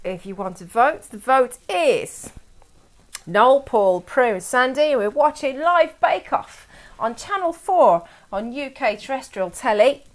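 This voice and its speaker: English lady streaming from home, kinda high voice, rambles and answers chat. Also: expressive, measured pace. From England. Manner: chatty, rambling, reads chat aloud. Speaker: live streamer. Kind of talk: casual live-stream chat.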